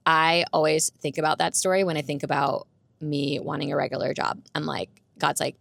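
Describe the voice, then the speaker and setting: A woman's voice: sits low, flat delivery, fairly quick, vocal fry, fairly bright tone, dry recording. A young adult woman hosting her own podcast, chatting candidly on her own and laughing often. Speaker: podcast host. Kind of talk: casual solo podcast chat. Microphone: roommate's borrowed microphone.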